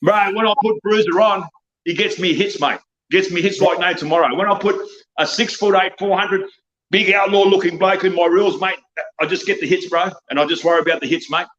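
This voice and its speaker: Ranting older Australian man, fast. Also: high voice, a bit bright, highs cut off. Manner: blunt, profane, rambling, tags "mate" on nearly every line. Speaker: wrestling guest. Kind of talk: ranting interview talk.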